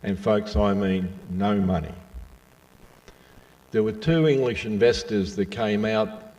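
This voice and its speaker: A man's voice: on the low side, a little mellow, recorded from a distance, rough recording. Older man telling jokes. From Western Australia. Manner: slow, folksy joke-telling with asides to the crowd. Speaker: speaker giving a talk. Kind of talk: storytelling and jokes to a live audience.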